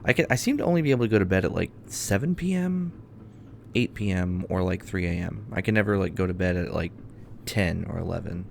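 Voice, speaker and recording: Laid-back, chatty male game streamer, low and gravelly. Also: fairly quick, a little hiss or hum. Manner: easygoing, chatty, hums to himself. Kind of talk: casual gameplay chat. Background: music.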